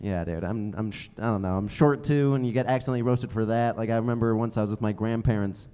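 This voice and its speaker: A man's voice: lowish voice, quick pace, warm tone, clear, resonant tone, long reverb tail. A young adult man doing a stand-up comedy set on a theater stage, rambling and self-mocking, with many fillers. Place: theater stage before a live audience.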